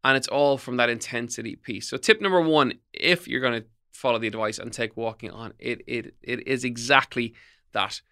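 A man's voice: mid-range voice, normal speed, sharp tone, clear, resonant tone. A middle-aged man hosting a fitness podcast, giving tips in an emphatic coaching tone. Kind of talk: solo podcast talk, tips.

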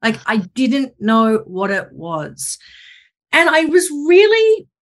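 Woman in her forties, podcast guest, candid animated storytelling, video-call audio. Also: on the high side, takes it slowly. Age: 40s. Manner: open, animated storytelling with self-mocking asides. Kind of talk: candid conversational interview.

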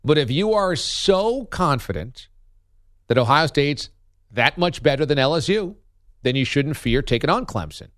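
A man's voice: a little high, expressive, normal speed, no room sound, studio quality. A man giving opinionated sports commentary as a radio host, emphatic and argumentative, hammering points with punchy repetition.

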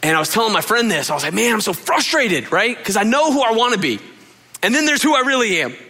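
A pastor gives a relaxed, story-driven sermon with a high, bright, forceful voice. He talks straight to the crowd and stumbles over his words before pressing on, earnest and open. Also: fast. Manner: earnest storytelling with frequent restarts and direct "you guys" address. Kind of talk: conversational sermon.

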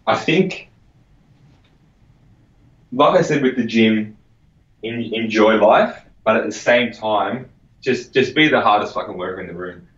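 A man's voice: fairly low pitch, measured pace, pauses often, fairly bright tone. A man, a podcast guest chatting casually with lots of energy, swearing freely and repeating words. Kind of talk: casual interview chat. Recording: echoey, muffled sound.

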